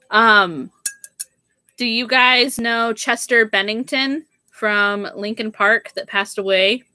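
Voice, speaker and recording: Chatty young female livestream host, unhurried delivery, slightly high voice. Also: sharp tone, no room sound, clean studio sound. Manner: chatty, says "like" and "girl" a lot. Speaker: live sale host. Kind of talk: casual livestream chat.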